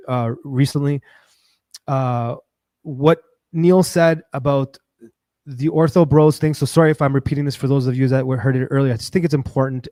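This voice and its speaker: A man hosting his own livestream, talking in a rambling, animated way, full of fillers and restarts. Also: medium pitch, no echo, clean studio sound. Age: adult with a daughter. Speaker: livestream host. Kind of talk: casual livestream monologue.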